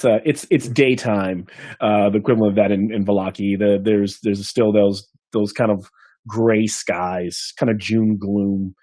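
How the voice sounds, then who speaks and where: Rambling game master narrating a scene. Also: male voice, fairly low pitch, mellow, no room sound. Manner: rambling, many fillers and restarts. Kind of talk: improvised tabletop game narration.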